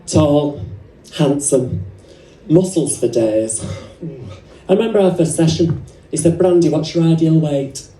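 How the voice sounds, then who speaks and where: On a comedy club stage, an English-accented stand-up comedian plays a brassy, cheeky female nurse, teasing the audience with bawdy jokes. Her voice is low and dark, a little slow, with long pauses, recorded from far off in a roomy live venue with crowd laughter.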